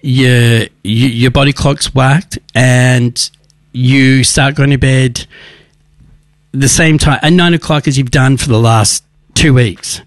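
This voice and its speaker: A man hosts a talk show, talking earnestly about recovery and tripping over his own sentences as he goes. His voice sits at an ordinary pitch for a man. The recording is dry, with no room sound around him. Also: steady tone, slow, dry recording. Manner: earnest, rambling with many restarts. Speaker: radio show host. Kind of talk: casual recovery advice talk.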